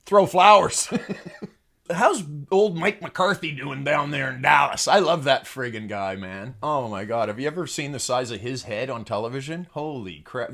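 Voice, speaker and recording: A man's voice: medium pitch, fairly bright tone. A man hosting a comedic sports monologue, crude and sarcastic, who swears freely and chuckles at his own jokes. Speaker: host.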